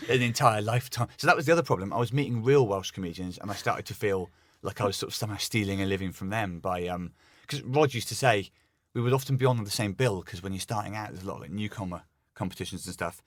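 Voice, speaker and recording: A man's voice: on the low side, no room sound. A man, a comedian guest, telling a self-deprecating anecdote in casual chat. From England. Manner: rapid, self-deprecating storytelling.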